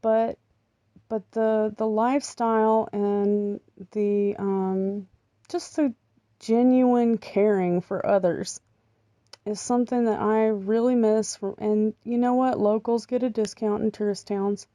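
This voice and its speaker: A woman's voice: mid-range voice, fairly even intonation, slow pace, warm tone, dry recording, clean studio sound. A middle-aged American woman talking casually in a vlog, rambling and chatty with lots of ums and little laughs. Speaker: vlogger. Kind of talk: casual chat.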